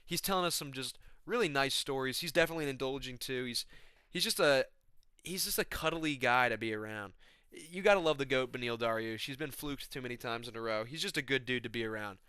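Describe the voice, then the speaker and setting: Bright, clear young man chatting with slang. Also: mid-range voice, brisk, no echo, studio quality. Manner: loose, slangy, says "bro" and "man". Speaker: YouTuber, MMA commentator. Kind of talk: casual comedic vlog storytelling.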